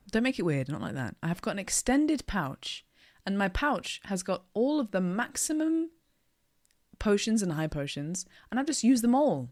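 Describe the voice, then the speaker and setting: A woman giving casual, excitable let's-play commentary, yelling and laughing at the game as she plays. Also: mid-range voice. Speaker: gaming streamer. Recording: game music playing under voice. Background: game music.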